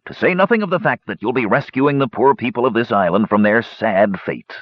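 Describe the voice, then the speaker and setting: A man's voice: medium pitch, lively intonation, a little fast, no room sound, close to an everyday voice. A man voicing a solemn, shrewd male dwarf adventurer with a coaxing manner, recorded dull and lo-fi.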